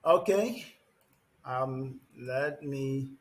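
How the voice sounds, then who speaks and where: With a mid-range voice, a male teacher leads a classroom pronunciation lesson in English, drawing out words slowly and forcefully and addressing students by name.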